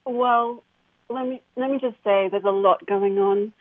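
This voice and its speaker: A woman's voice: mid-range voice, fairly even intonation, measured pace. A woman who acts, talking about her work in a casual interview, enthusiastic and full of fillers and restarts. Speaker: actor guest. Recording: phone line.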